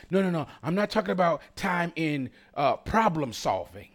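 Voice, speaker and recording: A man delivers a sermon as pastor, his voice sitting slightly high and ranging widely in pitch. He builds to fervent peaks and keeps checking in with the congregation through call-and-response asides. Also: very animated, moderate pace, hardly any pauses. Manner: preaching with rising intensity and call-and-response asides.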